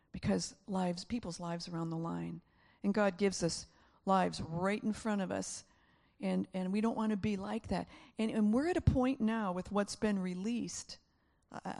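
A woman pastor preaching in church with a gravelly, mellow voice. She tells her stories with earnest feeling and often repeats key phrases for emphasis. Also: mid-range voice. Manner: earnest, emotional storytelling with frequent repetitions. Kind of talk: sermon.

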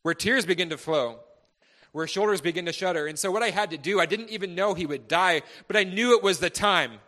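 A bright, ringing male voice, pitched a little higher than most, preaches to a congregation. He tells his testimony earnestly and with passion, rising to fervent peaks and then dropping to a hush. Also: a little fast. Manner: earnest and impassioned, swinging between loud and hushed.

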